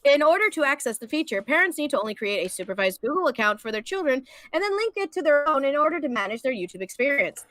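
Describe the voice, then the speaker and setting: A woman putting on a brisk 1920s newsreel announcer voice to read out the news. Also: sits high, sing-song, a bit bright, dry recording. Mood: mock-grave. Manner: old-time announcer cadence. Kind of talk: mock news reading.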